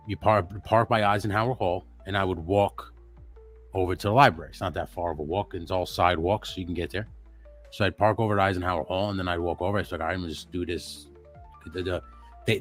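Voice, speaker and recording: Profane, rambling man telling a story. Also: deep voice. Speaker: livestream co-host. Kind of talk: casual storytelling.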